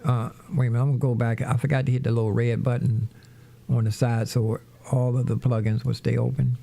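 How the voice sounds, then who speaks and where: Relaxed mellow-voiced man chatting on a livestream. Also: medium pitch, fairly quick, creaky. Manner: rambling, talks to viewers as "y'all". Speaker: livestream host, musician. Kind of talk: casual livestream chat while setting up music software. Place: home studio.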